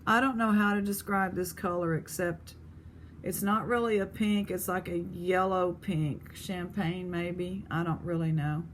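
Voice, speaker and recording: A woman's voice: lowish voice, fairly even intonation, a little slow, a little hiss or hum. A woman vlogger chatting casually, rambling between stories as she prices jewelry pieces. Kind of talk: casual chat.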